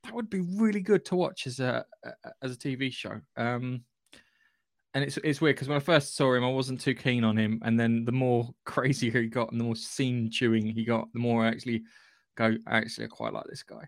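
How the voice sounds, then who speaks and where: A man's voice: medium pitch, moderate pace, no room sound, studio quality. A man co-hosting a casual podcast, enthusiastic and nerdy, swearing now and then. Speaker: podcast co-host.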